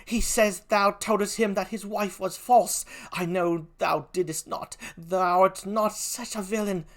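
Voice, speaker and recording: A man's voice: high-pitched, steady tone, a little slow, pitched above the performer's own voice. An older man voicing a loyal, outspoken woman servant who cries out in outrage, in a one-man Shakespeare reading. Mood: pleading.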